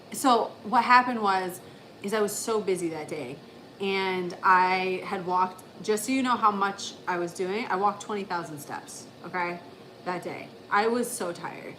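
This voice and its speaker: A woman's voice: medium pitch, measured pace, a bit bright, a little hiss or hum, poor audio. A woman on a livestream, casually retelling a story in a rambling way, with frequent swearing. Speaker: livestream host.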